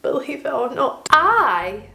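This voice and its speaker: Woman vlogger, high bouncy voice, playful asides, echoey kitchen with music behind. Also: very animated, slow, vocal fry, sharp tone. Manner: chatty and playful, jokey asides. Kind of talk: casual vlog chat. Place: home kitchen with washing machine running.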